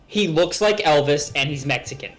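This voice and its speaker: Deliberate, dry-joking male player. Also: a little high, lively intonation, a bit bright, soft background music. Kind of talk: casual tabletop role-play chat.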